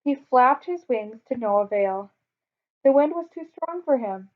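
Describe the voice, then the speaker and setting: A woman reading a children's story aloud in a clear, expressive way. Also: high voice, measured pace. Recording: dull lo-fi recording.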